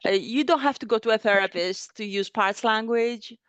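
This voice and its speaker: A woman's voice: on the high side, normal speed, a bit bright, clean tone, dry recording. A woman therapist co-hosting a casual discussion over a video call, speaking hesitantly with many fillers and restarts. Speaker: therapist and book club co-host.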